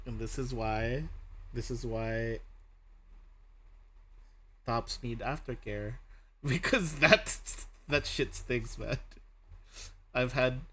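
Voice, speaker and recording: A young man hosts a relaxed stream, telling stories while drawing. His voice is bright and forward, and he laughs often and acts out the lines he quotes. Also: medium pitch, slow, pauses often, a little hiss or hum. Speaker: streamer host. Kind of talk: casual chat while drawing.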